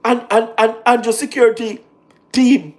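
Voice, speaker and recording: Jamaican man, high register, animated political livestream host, repeats himself, patois mixed in. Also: normal speed. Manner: animated, repetitive, talks in patois with laughs. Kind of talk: casual political livestream commentary.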